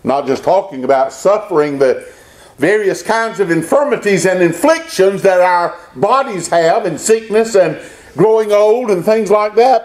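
A male pastor preaching a sermon in church, rising high on scripture and dropping low to drive points home. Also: darkish tone.

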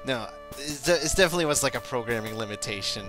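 A man's voice: medium pitch, expressive, fast, over music, rough recording. A man giving rambling, self-deprecating commentary while playing a video game. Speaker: let's play commentator. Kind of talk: gameplay commentary.

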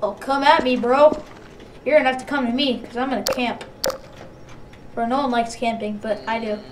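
Giggly high-voiced woman gamer, distant mic. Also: fairly even intonation, normal speed. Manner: giggly, teasing, playful. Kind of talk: casual gameplay chatter. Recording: distant mic with clear background noise.

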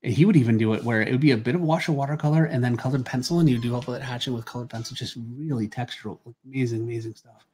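A man's voice: mid-range voice, rapid-fire, slightly rough. A man hosting a drawing livestream, chatting loosely and teasing his co-host with dry humor. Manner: relaxed, dry teasing, trails off mid-thought. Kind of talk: casual chat.

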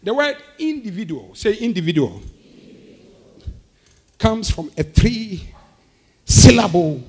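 A man preaching a sermon, moving between fervent, rhythmic chanted declarations and calmer teaching. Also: high-pitched, slow, slightly rough.

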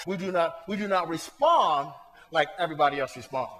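A male pastor preaching a sermon to his congregation, swinging between soft asides and shouted points, talking to them in a casual, colloquial way. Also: on the high side, animated, a little fast, in a large hall, over music. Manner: colloquial, talks straight to the congregation. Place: church sanctuary.

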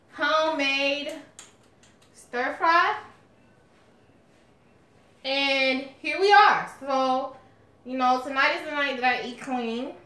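Chatty high-voiced woman. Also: bright, forceful tone. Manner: chatty, greets viewers as honey and y'all. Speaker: cooking channel host. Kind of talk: casual live-stream cooking chat. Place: home kitchen. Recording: echoey room, faint noise.

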